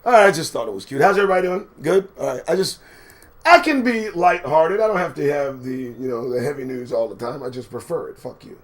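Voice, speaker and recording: A man's voice: on the high side, animated, quick pace. A man hosting a live commentary stream, riffing casually with sarcastic, profane asides while reading out news items. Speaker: show host.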